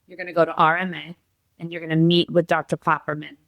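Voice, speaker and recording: A woman guest on a podcast tells a personal story in an animated, expressive way, lively in her voice and acting out what others said. She sounds close to the mic in a dry room, middle-aged, and near tears at times. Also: sits low, fast, creaky, no room sound, highs cut off. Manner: animated, acts out quotes, laughs while telling. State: tearful at moments.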